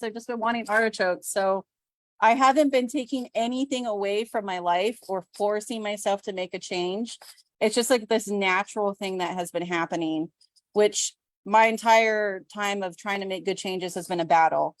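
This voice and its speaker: Here a homeschooling mom and business owner shares a casual testimonial on a group video call. Her voice is medium in pitch, her pace moderate, and the recording dry, while her manner stays chatty and self-deprecating, with lively quoted voices.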